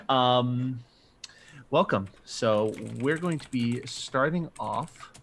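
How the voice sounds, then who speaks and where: A man's voice: mid-range voice, very slow, a bit bright, a little hiss or hum. A man narrating as game master of a tabletop game, an easygoing storyteller who chuckles often.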